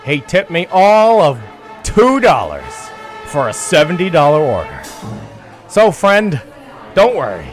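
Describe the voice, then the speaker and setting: A man telling a personal story live on the radio as host, chuckling often and breaking into loud yelling. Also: fairly high pitch, wildly swooping pitch, a little slow, pauses often, soft background music. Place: radio studio.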